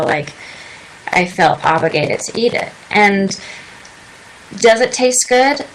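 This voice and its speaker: Earnest young woman rambling thru her story on a radio show, mid pitch, bit of faint hiss. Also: a bit bright, low-quality recording. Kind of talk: casual interview chat. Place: radio studio.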